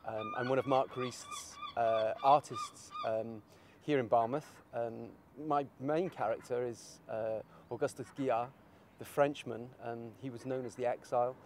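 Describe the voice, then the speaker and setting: A man's voice: medium pitch, huge pitch swings, unhurried, a little mellow, a little hiss or hum. Rambling man musing aloud. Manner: rambling, musing, searches for words. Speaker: artist being interviewed. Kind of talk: casual interview talk.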